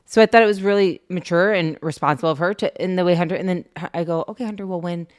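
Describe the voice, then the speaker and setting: A middle-aged woman co-hosting a parenting podcast, telling stories in a casual, animated way and laughing often. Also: on the low side, fast talker. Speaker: podcast co-host. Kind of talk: casual chat.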